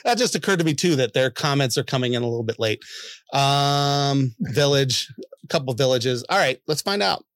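A man's voice: medium pitch, animated, moderate pace, fairly bright tone, dry recording. A man hosting a casual group guessing game, chatty and laughing often. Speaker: host.

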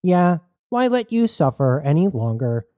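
A man's voice: on the high side, sing-song, measured pace, mellow, no echo, clean studio sound, voice pushed up. A man voicing a callous male cyborg hunter, offhand and lazy in his talk.

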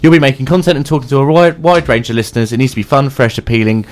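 A man's voice: medium pitch, fairly even intonation, racing. A man co-hosting a radio show, joking around and reading a job advert aloud with lots of ums. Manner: joking, reads aloud with hesitant fillers. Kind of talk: casual radio banter.

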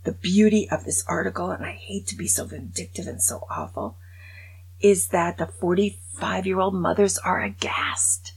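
An older woman hosting a talk show, giving wry, indignant opinions and dropping into breathy whispered asides. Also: on the low side, normal speed, low-quality recording. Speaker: podcast host. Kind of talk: opinionated casual monologue.

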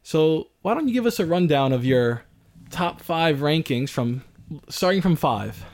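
A man co-hosting a sports podcast in casual chat, speaking in a measured, deliberate way and asking questions. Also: on the high side, lively intonation, darkish tone. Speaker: podcast co-host.

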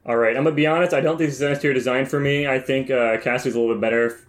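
A male podcast host in casual chat, joking and swearing freely. His voice sits at a mid pitch as he moves the group from one item to the next. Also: steady tone, racing. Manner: joking, profane, runs the list.

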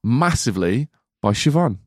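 A man co-hosting a casual film podcast, explaining scenes in animated, sweary bursts. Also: medium pitch, normal speed, no echo, studio quality. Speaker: podcast co-host. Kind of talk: casual film review chat.

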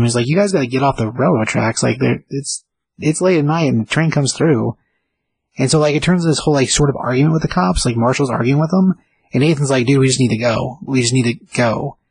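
A man's voice: medium pitch, husky, no room sound, low-quality recording. A man casually recapping a story, rambling with fillers and acting out the characters' lines. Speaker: recapping a show's plot.

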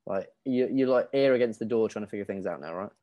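A man's voice: on the low side, quick pace, no echo, lo-fi sound. A man narrating a tabletop role-playing game as game master, in casual, filler-heavy speech.

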